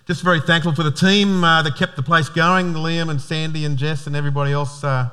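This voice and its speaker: An Australian man preaching to his church in an easygoing, chatty way. He jokes and rambles, stumbling over fillers and restarts. His voice sits a little higher than most men's. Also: steady tone, brisk, pushed and bright. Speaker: pastor. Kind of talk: casual sermon.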